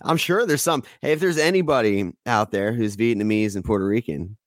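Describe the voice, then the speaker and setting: A man's voice: on the low side, fairly quick, no room sound, studio quality. A man guesting on a podcast as a musician, chatting in a laid-back, profane way. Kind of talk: casual podcast chat.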